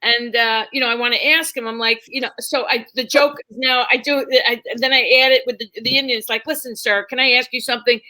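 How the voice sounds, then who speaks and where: A woman's voice: on the high side, a little fast, few pauses. A middle-aged woman comedian telling a bawdy story in casual chat, acting out the people in it. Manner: bawdy, animated, acts out quoted voices. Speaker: comedian guest.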